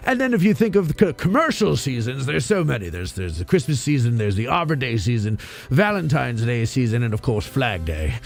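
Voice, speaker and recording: A man's voice: medium pitch, big pitch swings, a little fast, creaky, few pauses, soft background music. A man voicing a rambling, out-of-breath old Santa Claus on a comedy radio show. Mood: jolly. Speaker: host.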